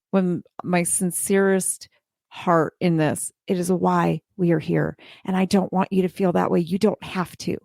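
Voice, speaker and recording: A woman's voice: mid-range voice, a little mellow, no echo, clean studio sound. A woman in her forties hosting a heartfelt live-stream talk, earnest and emotional, repeating phrases for emphasis. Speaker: podcast host and child care business coach.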